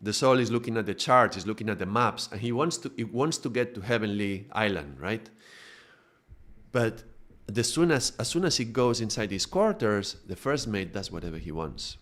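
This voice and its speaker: A man's voice: lowish voice, sing-song, normal speed, a bit bright. A man giving a live spiritual talk, building extended metaphors and often checking in with tag questions. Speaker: spiritual teacher.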